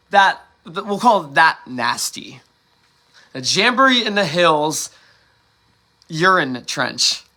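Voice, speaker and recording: A livestream host from Ohio talks alone late at night in a slightly high, sharp-toned voice. He wanders from thought to thought, keeps restarting, swears, and laughs at himself.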